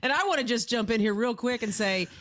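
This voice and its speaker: A man's voice: very high-pitched, fast, a bit bright. Playful man reading viewer comments. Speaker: podcast co-host. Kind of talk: casual chat. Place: podcast studio.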